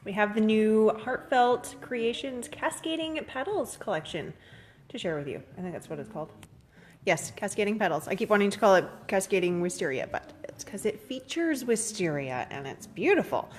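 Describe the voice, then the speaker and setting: A woman's voice: mid-range voice, animated, moderate pace, slight background noise. A woman hosting a live-streamed craft product demo, chatty and full of fillers, greeting viewers by name as she goes. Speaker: craft shop host.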